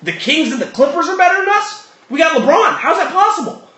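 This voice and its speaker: A man's voice: very high-pitched, big pitch swings, brisk, pushed and bright. A man hosting a sports talk show, delivering a blunt, profane, heated monologue. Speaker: sports podcast host. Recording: roomy echoey room.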